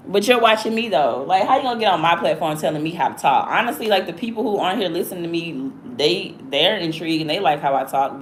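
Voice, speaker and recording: There is a little hiss or hum behind this woman's lowish voice as she hosts a casual livestream chat. She has a Southern accent from Alabama, USA, and talks in a blunt, slangy, rambling way, drifting from story to story.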